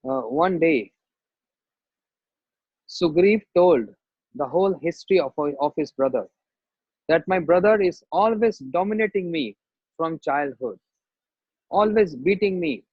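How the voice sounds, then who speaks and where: A man's voice: fairly high pitch, husky, no room sound. A man, telling a sacred story as a spiritual teacher and acting out its voices. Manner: slow, acts out the story's voices. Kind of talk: storytelling sermon. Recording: dull, dry lo-fi recording.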